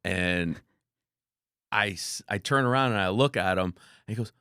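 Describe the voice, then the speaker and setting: A man, a company founder, telling laid-back, animated stories as a podcast guest. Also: on the low side, moderate pace, smooth, no echo, studio quality. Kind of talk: casual interview storytelling.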